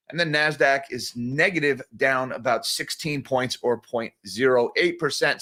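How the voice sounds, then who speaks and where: Running a morning market livestream, this host speaks with a fairly bright, mid-range voice. His style is relaxed and direct, and he addresses his audience as "guys."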